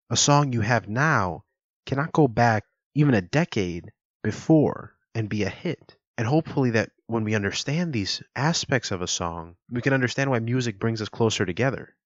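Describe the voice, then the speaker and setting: A man's voice: on the low side, dry recording. A man hosting a solo podcast, explaining ideas in an enthusiastic way and sounding words out to show them. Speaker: podcast host. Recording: dull, lo-fi and dry.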